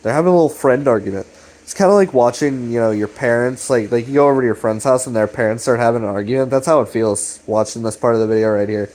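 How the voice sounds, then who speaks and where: A man's voice: mid-range voice, quick pace, a little mellow. Young man rambling, profane and loose. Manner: profane, loose, full of fillers. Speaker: video commentator. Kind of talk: casual rambling recap commentary.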